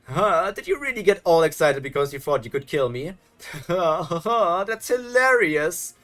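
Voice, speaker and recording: A gloating cartoon villain, mocking and taunting with a bright, sharp edge. He toys with his captives in a sing-song sneer, a thin bed of music behind him. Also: a little high, expressive, a little slow. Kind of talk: animated series dub.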